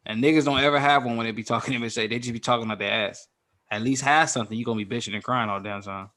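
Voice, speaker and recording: A man with an Atlanta accent, co-hosting a casual livestream chat. He talks quickly, and his voice is bright and forceful, loud and full of profanity. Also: mid-range voice. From Atlanta, USA. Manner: loud, profane, animated storytelling. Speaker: co-host.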